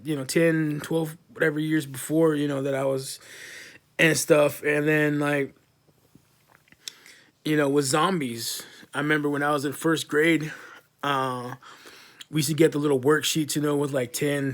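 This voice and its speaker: Man, 30s, casual vlog monologue: rambling, swears a lot, somewhat high-pitched. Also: fairly bright tone. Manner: rambling, profane, full of fillers. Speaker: vlogger.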